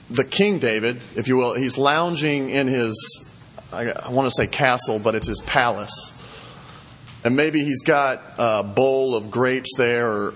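A man's voice: mid-range voice, fairly bright tone, in a large hall. A man preaching, retelling a scripture story in a casual, rambling way with fillers and restarts, then reading a psalm aloud.

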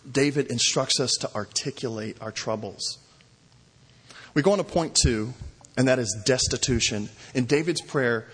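Male pastor, husky voice, sermon delivery with storytelling, church hall reverb. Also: medium pitch. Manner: storytelling preacher, varies pace, acts out cries. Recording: long reverb in a large hall.

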